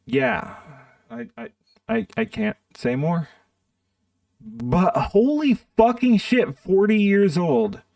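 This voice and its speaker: A man's voice: sits high, very animated, slow pace, vocal fry, darkish tone, dry recording, recorded from a distance. A man streaming live, ranting in a profane, exasperated way while reacting to videos. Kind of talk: casual stream commentary.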